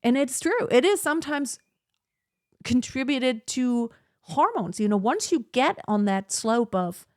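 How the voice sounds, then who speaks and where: A woman's voice: sits high, lively intonation, a little slow, a little mellow, no echo, studio quality. A woman hosting a podcast, talking through advice in a casual, reflective way and filling her speech with "like.". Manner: chatty, reflective, heavy use of "like". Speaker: podcast host.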